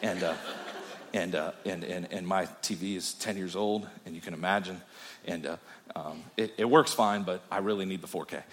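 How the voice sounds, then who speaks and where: A male pastor preaching a sermon with energetic, emphatic delivery, often repeating his points for emphasis. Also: sits low, normal speed.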